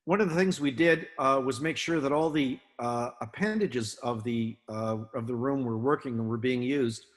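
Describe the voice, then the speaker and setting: A man's voice: mid-range voice, normal speed. Older man giving a rambling anecdotal talk. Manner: relaxed, anecdotal, many fillers and restarts. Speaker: guest speaker, film naval advisor. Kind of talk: illustrated talk to an audience. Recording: long hall reverb.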